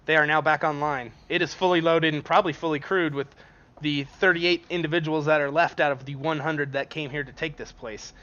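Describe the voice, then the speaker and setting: A man's voice: fairly high pitch, steady tone, brisk, a bit bright. A man narrating as game master of a tabletop game, casual and profane, often laughing. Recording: dull lo-fi stream audio.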